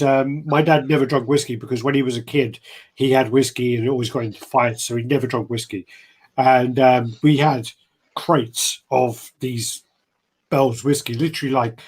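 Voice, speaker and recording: A man's voice: medium pitch, steady tone, normal speed, slightly rough, poor audio. A man with a nasal voice, hosting a casual, rambling live chat. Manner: chatty, rambling, swears. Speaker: host.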